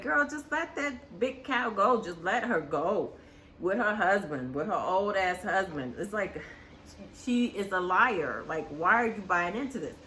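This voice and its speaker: Woman, reality TV recap host, blunt, swears freely, bright tone. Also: medium pitch, slight background noise. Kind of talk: casual reality TV recap commentary.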